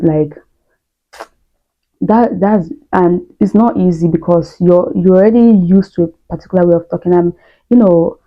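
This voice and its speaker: Nigerian-accented young woman vlogging, lowish voice, kinda dull lo-fi sound, chatty and candid. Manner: candid, chatty, many fillers and restarts. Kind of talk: casual talk to camera.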